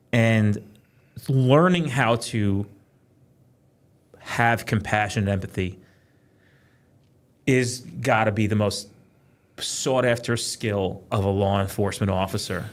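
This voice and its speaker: Profane, animated man telling stories. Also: on the low side. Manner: profane, fast-talking, animated storytelling. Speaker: podcast guest, police trainer. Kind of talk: casual podcast chat.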